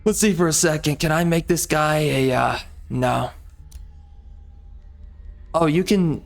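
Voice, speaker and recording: A man's voice: fairly high pitch, takes it slowly, creaky, pauses often, soft background music. A man ranting angrily and repeating himself while commenting over gameplay in a video. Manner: angry, repetitive, exasperated ranting. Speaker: gaming video creator.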